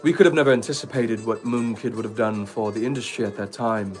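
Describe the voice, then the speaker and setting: A man voicing a solemn male documentary narrator, measured and reflective. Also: on the low side, faint music behind, voice pushed down, lightly acted.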